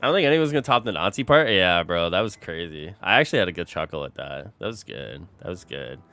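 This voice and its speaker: A man's voice: low voice, fast talker, dry recording, faint music behind. A young man streaming, chatting casually with his audience, swearing a lot and calling everyone bro. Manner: animated, swears a lot, says bro constantly.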